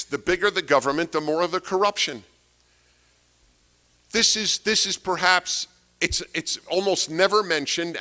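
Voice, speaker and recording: Giving an emphatic political talk before an audience, a man keeps returning to key phrases and asking rhetorical questions. His mid-range voice sounds pushed and bright.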